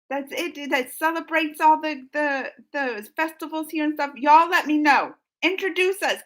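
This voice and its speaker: A woman with a New Orleans Southern accent hosts a casual live stream, her voice sitting notably high. She reads viewer comments aloud in a chatty, rambling way, laughing often and cutting herself off to start sentences over. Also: a bit bright. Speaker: YouTube reaction host reading live chat.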